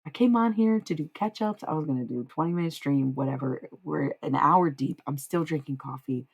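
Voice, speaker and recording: Gravelly, profane tarot streamer. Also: mid-range voice, a little fast. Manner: profane, confrontational, rambling. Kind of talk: casual live stream talk.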